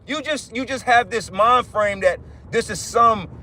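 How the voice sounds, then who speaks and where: High-voiced fervent preacher man. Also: measured pace, bright, forceful tone, a little hiss or hum. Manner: fervent, repetitive, profane, addresses listeners as brothers. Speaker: livestream preacher. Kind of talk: impassioned livestream preaching.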